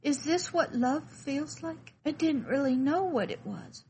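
A timid, frightened spirit child, put on by a woman reading a devotional story asks one anxious question after another. The voice sits a little high and stays lonely and unsure. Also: lively intonation, a little slow, a little mellow, a little hiss or hum, poor audio. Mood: wondering.

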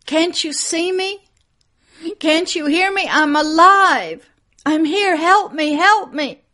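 A woman's voice: very high voice, lively intonation, takes it slowly, sharp tone, voice pushed up, exaggerated voice. A woman voicing tormented souls who beg frantically for help. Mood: desperate pleading. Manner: pleading, frantic.

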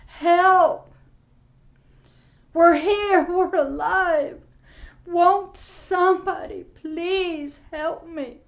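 A woman voicing tormented souls who plead desperately from the flames, with loud, raw cries. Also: very high-pitched, drawn-out words, creaky, long pauses, voice pushed up, heavily acted. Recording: muffled lo-fi recording.

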